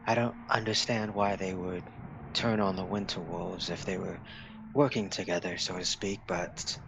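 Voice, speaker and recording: A man's voice: sits low, fairly even intonation, normal speed, vocal fry, noisy background. A man playing a tabletop game, reasoning aloud in a thoughtful, hesitant way. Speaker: player. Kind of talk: casual tabletop play.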